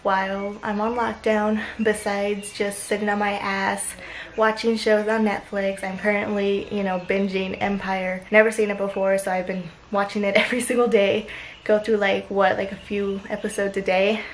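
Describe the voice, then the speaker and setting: A woman's voice: mid-range voice, flat delivery, moderate pace, slight background noise, poor audio. A young woman chatting casually and animatedly in a home vlog, swearing now and then. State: out of breath after a workout. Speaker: vlogger.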